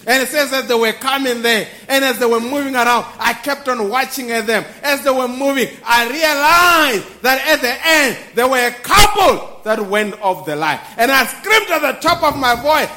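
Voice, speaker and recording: A man preaching a sermon to a congregation, building to shouted peaks and then dropping soft and low.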